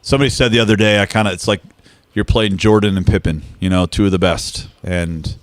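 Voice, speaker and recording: A man's voice: on the low side, fairly even intonation, a little fast, dry recording. A man co-hosting a live hockey watch-along in a studio, chatty and jokey as he reads out stats. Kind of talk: casual live chat. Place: team studio.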